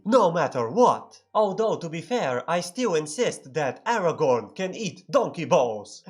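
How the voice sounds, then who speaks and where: A man giving sarcastic, mock-excited comedic commentary over a strategy game. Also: a little high, slightly rough. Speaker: gaming YouTuber.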